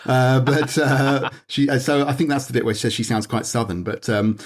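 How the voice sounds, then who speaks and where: A man's voice: medium pitch, little pitch movement, normal speed. A British man in a casual podcast chat, rambling through anecdotes and reading out bits from his notes. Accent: British English. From Britain. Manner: rambling, digressive, reads aloud from notes. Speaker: podcast guest discussing documentary.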